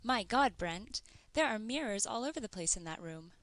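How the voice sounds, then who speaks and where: A woman voicing a calm, reassuring grown man in an audiobook, read in a flat, even way. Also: medium pitch, normal speed, dry recording, natural voice. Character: calm, comforting adult male friend.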